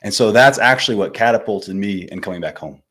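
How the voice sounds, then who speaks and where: A man's voice: lowish voice, fairly quick, pushed and bright. A man in his twenties from California, a podcast guest telling stories in a laid-back, slangy way, calling the host man and bro. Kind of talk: casual storytelling interview.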